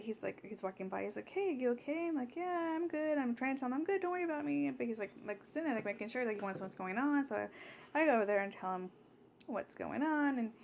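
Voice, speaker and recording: A woman's voice: medium pitch, noisy background. A woman in her thirties telling a long everyday story in a casual vlog at home, rambling with many fillers and restarts. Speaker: vlogger.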